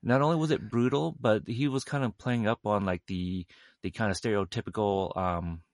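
A man in a casual film discussion, talking haltingly with many fillers and restarts. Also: on the low side, steady tone, no room sound, studio quality.

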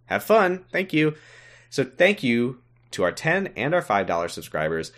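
A man's voice: medium pitch, huge pitch swings, a little slow, fairly bright tone. Wry, swearing man hosting a podcast. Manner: wry, swears casually, laughs often. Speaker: podcast co-host. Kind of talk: casual podcast chat, reading sponsor thanks.

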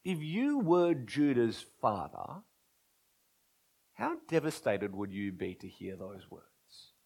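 A man preaching a sermon, moving between loud impassioned pleading and hushed, almost whispered lines. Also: mid-range voice, big pitch swings, slow pace, gravelly. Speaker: pastor.

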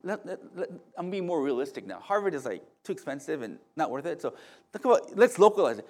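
A male pastor preaching a sermon in an animated, conversational storytelling manner with humorous asides. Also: a little high, fast talker.

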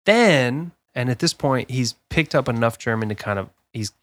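A man's voice: medium pitch, no echo. A man co-hosts a casual podcast, spinning a story at an easy pace with plenty of fillers and chuckles. His voice sits in a middle register and sounds close and dry, with no room around it. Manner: relaxed storyteller, laughs often, halting with fillers. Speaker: podcast co-host.

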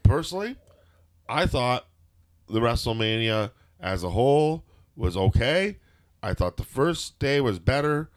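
A man's voice: medium pitch, big pitch swings, unhurried. A man co-hosting a podcast, giving a rambling, jokey wrestling recap in casual chat. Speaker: podcast co-host.

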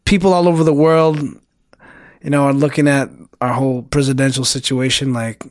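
A man in his thirties, an animated storyteller in casual chat who swears a lot and uses many fillers. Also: medium pitch, brisk, no echo, studio quality.

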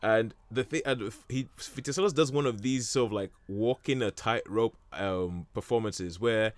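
A man's voice: on the low side, normal speed, no room sound. A man leading a casual chat about old films, rambling with many fillers and restarts and chuckling often. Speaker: film discussion host.

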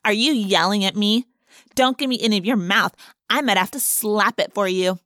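A woman voicing a tough, loud teenage girl bully who talks in an indignant way. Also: medium pitch, normal speed, dry recording, studio quality, natural voice. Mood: threatening.

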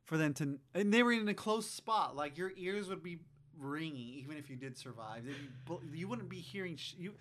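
A man's voice: fairly high pitch, expressive, fairly quick, hardly any pauses. Laid-back man chatting casually. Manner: laid-back, swears casually, trails off into quiet asides. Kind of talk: casual movie recap chat.

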